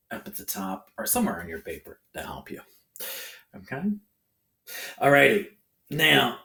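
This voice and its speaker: A man teaching a recorded phonics lesson to children, talking in a slow, sing-song way and checking in often with the listener. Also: on the low side, creaky, a bit bright. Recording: echoey room.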